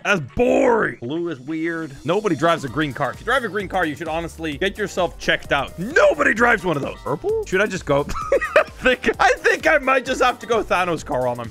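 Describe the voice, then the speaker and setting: A young man giving excitable gameplay commentary as a gaming YouTuber, laughing often and breaking into exclamations. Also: sits high. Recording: music playing faintly behind.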